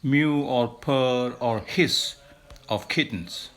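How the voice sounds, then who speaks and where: A man teaching vocabulary, slowly and deliberately listing words for animal sounds, lifting his voice on the sound words. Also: fairly bright tone. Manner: slow, deliberate listing, lifts pitch to mimic sounds. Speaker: language teacher. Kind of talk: slow vocabulary lesson.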